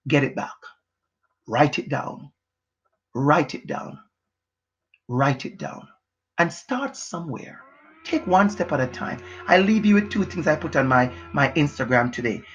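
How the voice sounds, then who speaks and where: A man giving an unscripted motivational talk from his house, emphatic and repetitive, pushing hard and sometimes shouting. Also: high-pitched, highs cut off. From Jamaica. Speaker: motivational educator. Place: house, indoors.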